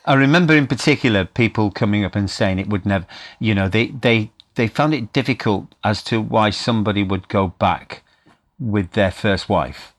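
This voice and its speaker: A man, an actor being interviewed, reminiscing casually with a halting, hesitant manner. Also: on the low side. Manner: halting, many fillers and restarts.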